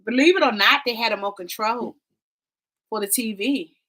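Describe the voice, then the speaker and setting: Bright animated woman telling a story. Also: fairly high pitch, normal speed. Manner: animated, dramatic storytelling with y'all and quoted voices. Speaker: vlog co-host. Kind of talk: casual travel storytelling.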